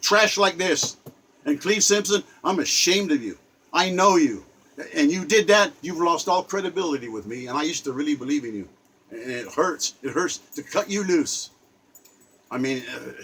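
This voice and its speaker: A man's voice: on the high side, fairly bright tone, low-quality recording. An older man delivering an impassioned spoken rant, indignant and repetitive, often stammering and restarting his sentences. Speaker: self-styled poet giving a spoken commentary.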